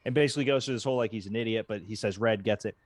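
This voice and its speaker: A man's voice: lowish voice, racing, dry recording. A man co-hosting a podcast in casual chat, easygoing as he retells scenes. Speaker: podcast co-host.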